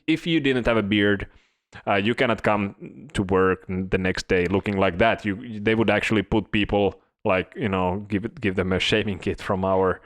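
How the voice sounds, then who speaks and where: A man's voice: fairly low pitch, steady tone, moderate pace. A man co-hosting a podcast, telling work stories in a casual chat, with many hesitant restarts. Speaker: podcast co-host.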